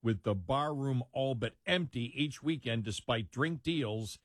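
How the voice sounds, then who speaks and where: A man's voice: medium pitch, lively intonation, a little slow, dry recording, clean studio sound. A man co-hosting a talk show, reading a news story aloud with quoted passages and laughing asides. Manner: reads with frequent laughter and asides.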